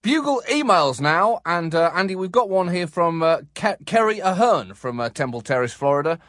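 An English man co-hosting a comic podcast, reading listener emails aloud with an animated, laughing manner. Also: fairly high pitch, brisk, no echo, clean studio sound, faint music behind. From England. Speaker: podcast co-host.

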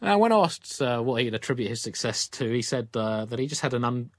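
A man's voice: mid-range voice, brisk, dry recording. An English man co-hosting a comic news podcast, reading absurd news items in a dry mock-newsreader manner. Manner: dry mock-newsreader delivery, deadpan jokes. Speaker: podcast co-host.

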